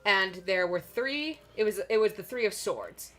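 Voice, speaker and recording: A woman's voice: medium pitch, lively intonation, moderate pace, a bit bright, soft background music. A woman streamer chatting casually over a game, rambling and laughing often. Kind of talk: casual chat.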